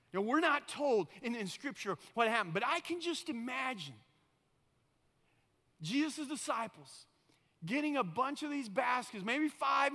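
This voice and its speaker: A man's voice: extremely high pitch, long reverb tail. A middle-aged man preaching a sermon as pastor, telling stories with folksy asides. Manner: animated storytelling, folksy asides.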